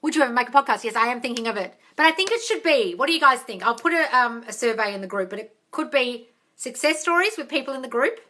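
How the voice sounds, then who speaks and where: Excitable woman hosting a live chat. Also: on the high side, fast talker. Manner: excitable, swears freely, shrieks greetings at viewers. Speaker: livestream host answering viewer questions.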